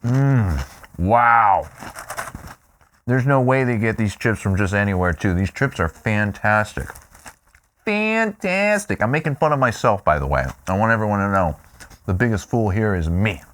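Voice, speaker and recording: A man's voice: fairly low pitch, expressive, brisk, fairly bright tone, a little hiss or hum. A man hosting a casual food review vlog, talking in a playful, self-mocking way with exaggerated reactions to each dish.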